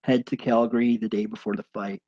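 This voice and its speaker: A man's voice: on the low side, flat delivery, a little fast, a little mellow, muffled recording. A man who used to box, hosting and telling a casual, rambling story with lots of fillers and swearing. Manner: rambling, with many fillers and restarts, swears freely. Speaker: host, former pro boxer.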